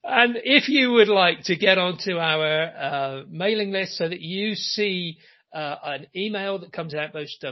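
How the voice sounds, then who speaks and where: A man's voice: sits high, muffled recording. A man hosting a casual interview podcast, chatty and full of fillers. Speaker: podcast host.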